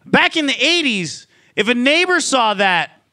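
A man's voice: very high-pitched, sing-song, unhurried, pushed and bright. A man doing a stand-up comedy routine in a casual, profane style, full of "like" fillers.

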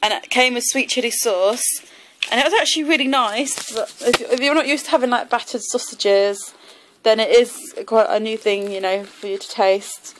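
In a casual haul video, a vlogger in her twenties rambles chattily, packing her sentences with lots of "um" and "like." Her voice is fairly high and fairly bright at a normal speed, and the low-quality recording carries a little hiss or hum.

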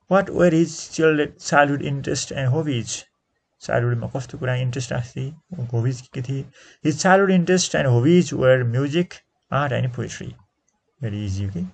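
A man with a Nepali accent teaching an English lesson, repeating each answer slowly and switching into Nepali to explain. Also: mid-range voice, vocal fry, darkish tone, husky.

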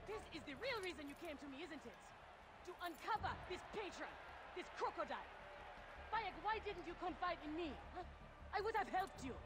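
A woman's voice: very high voice, animated, fairly quick. An actress playing a hurt, pleading woman of rank in a video game. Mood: reproachful. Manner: pleading, reproachful. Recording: game audio under noise.

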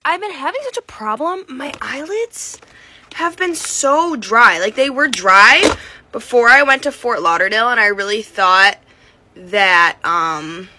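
Bright-voiced young woman student complaining. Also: a little high, slight background noise. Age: young adult. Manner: complaining, casual swearing, drawn-out words. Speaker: college student. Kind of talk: chatty get-ready-with-me vlog.

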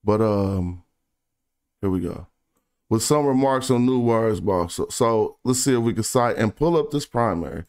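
Smooth-voiced man thinking aloud over research. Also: lowish voice, animated. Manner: thinks aloud, reads passages slowly, drifts into quiet asides. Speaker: independent researcher presenting online. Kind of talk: casual screen-share research commentary.

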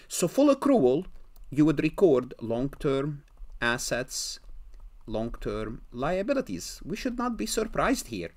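Man lecturing, asking himself questions. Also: medium pitch. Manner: asks and answers his own questions, repeats key words. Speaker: accounting lecturer. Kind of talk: recorded lecture.

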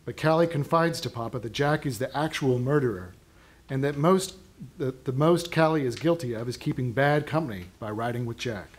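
A man's voice: medium pitch, fairly quick, slightly rough. A man introducing a reading at an event, summarizing the story in plain narration. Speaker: event presenter.

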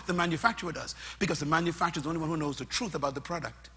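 A man preaching a sermon, emphatic and point by point, swinging between loud bursts and soft asides. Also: on the high side, very fast, breathy edge.

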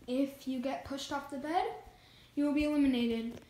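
A woman hosting a pretend competition show, playful and halting, with frequent fillers. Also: high voice, steady tone, warm tone, roomy sound, slight background noise, poor audio. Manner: halting, with many fillers and restarts. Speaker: host of a toy competition show.

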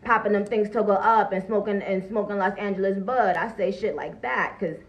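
A woman, talking loudly and profanely on a phone livestream and greeting viewers as she goes. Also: medium pitch, a little fast, rough recording. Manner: loud, profane and animated, greeting viewers between points. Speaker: livestream host. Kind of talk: casual livestream talk.

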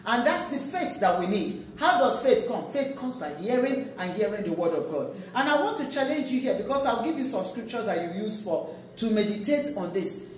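A pastor preaching a sermon, swinging between loud exhortation and quiet asides. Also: medium pitch, sing-song, normal speed. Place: large echoey church hall. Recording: echoey church hall from far off.

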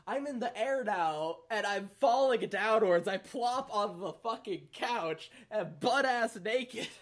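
A man's voice: high voice, animated, slow, fairly bright tone. Young man, casual podcast storytelling, swears constantly, rambles, laughs a lot. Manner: profane, rambling, laughing often. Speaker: podcast host.

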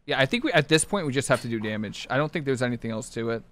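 A man streaming a competitive online game live, talking his teammates through the match in short clipped callouts and bursting into excited shouts. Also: medium pitch, racing. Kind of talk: live gameplay commentary.

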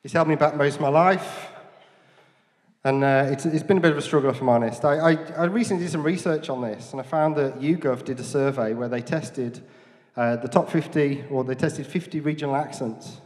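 A man's voice: on the high side, a little fast, a little mellow, in a large hall. A man in his forties with a Black Country accent doing a self-deprecating stand-up set at a comedy club, chatting with the crowd between jokes. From Dudley, England. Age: 40s. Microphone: handheld mic.

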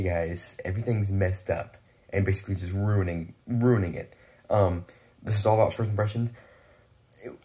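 A man reviewing a TV show in a casual, rambling vlog, full of "like" and "I don't know" fillers, swearing freely. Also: fairly low pitch.

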